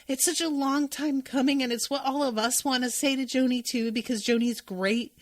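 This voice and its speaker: A woman's voice: high-pitched, steady tone, normal speed, no room sound. A woman hosting a podcast, talking casually and emotionally about a show she loves, sometimes getting choked up. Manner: emotional, gushing, choked up at times. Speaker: podcast host. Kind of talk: casual chat.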